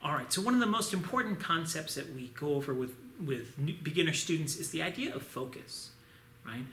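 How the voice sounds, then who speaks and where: A martial arts instructor teaching an online class for children, calling out each move and cheering the students on. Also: male voice, a little high, animated, brisk, fairly bright tone, a little hiss or hum. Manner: upbeat, coaching, calls out moves. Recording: echoey room, distant mic.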